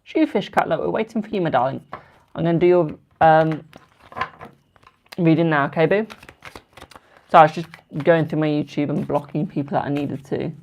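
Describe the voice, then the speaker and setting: A man's voice: on the high side, moderate pace, vocal fry, pauses often, slight background noise. A British man doing tarot readings on a live stream, chatting with viewers and calling them "my darling". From United Kingdom. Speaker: tarot card reader.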